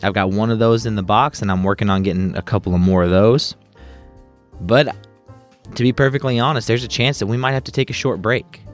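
A man's voice: fairly low pitch, fairly quick, faint music behind. A young man hosting a podcast, talking candidly to his listeners in a chatty outro. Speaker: podcast host.

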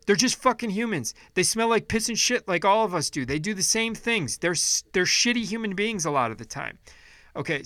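A man's voice: sits high, sharp tone, no room sound, studio quality. A man hosting a podcast, reading news aloud and breaking into angry, profanity-laden rants. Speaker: podcast host. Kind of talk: ranting political podcast.

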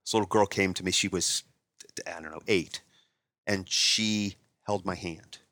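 A man's voice: low voice, measured pace, no room sound. A man from Northeast Ohio, a magician, telling stories in a casual interview with jokey asides. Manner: animated storyteller, jokey asides. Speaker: magician guest.

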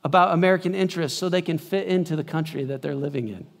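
A man's voice: a little high, fast, gravelly. Man preaching in a reverberant hall. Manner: conversational, swings between loud bursts and hushed passages. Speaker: pastor. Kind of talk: sermon.

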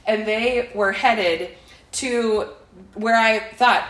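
She draws out her words in a fairly high, somewhat bright voice while co-hosting a podcast, a woman in her forties spinning a meandering, self-interrupting story with lots of laughter. The room echoes and the recording is rough.

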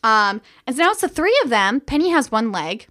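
A woman with a fairly high voice co-hosts a podcast in casual chat. She tells stories in an animated way, acts out both sides of a conversation, and swears freely. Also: a little fast. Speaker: podcast co-host.

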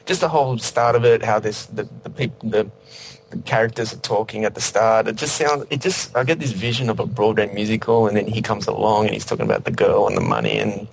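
A man in a casual music review chat, talking in a relaxed, measured way with many fillers. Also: lowish voice, vocal fry, slight background noise. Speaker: podcast co-host.

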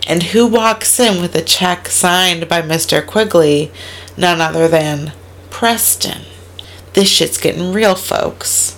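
A woman's voice: on the low side, slow, a little hiss or hum. A woman co-hosting a casual podcast, animatedly retelling a movie's plot, acting out the characters' lines, swearing and laughing as she goes. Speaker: podcast co-host recapping a movie. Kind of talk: casual chat.

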